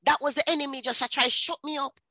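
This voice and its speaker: A woman in her thirties with a Jamaican accent, telling her personal testimony in an animated storytelling way and slipping into patois. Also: sits high, fast, no echo, poor audio. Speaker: speaker at a women's ministry.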